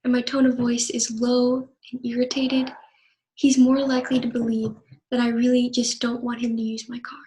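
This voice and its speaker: Young woman, student presenter; reads her class talk evenly, slightly high voice, little melody. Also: little pitch movement, moderate pace, mellow, poor audio.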